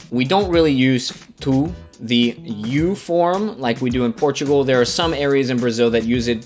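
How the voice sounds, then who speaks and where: A man from Alabama with a Southern American accent, teaching a beginner language lesson patiently, spelling out words and repeating examples. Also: medium pitch. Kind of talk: scripted beginner grammar lesson. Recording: faint guitar music underneath.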